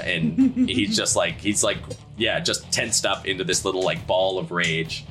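A man with a fairly low voice narrates as dungeon master and hosts the show. He talks loosely and chattily, tossing in jokes and filler words, with faint music in the background. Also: big pitch swings, normal speed, hardly any pauses, a bit bright. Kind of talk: narrating a tabletop game.

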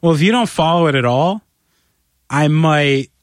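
A man co-hosting a podcast in casual chat, animated and playfully persuasive, talking in long run-on pitches. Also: moderate pace, dry recording, studio quality. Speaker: podcast co-host.

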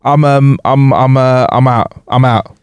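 A man's voice: medium pitch, unhurried, smooth, no echo. A young man, co-hosting a podcast in casual chat, swearing and laughing easily. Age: young adult. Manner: animated, swears, laughs a lot. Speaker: podcast co-host.

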